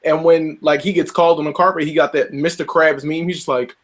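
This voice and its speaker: A man co-hosting a casual talk show, animated and quick to mimic others in quotes. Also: a little high. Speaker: podcast co-host. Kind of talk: casual chat.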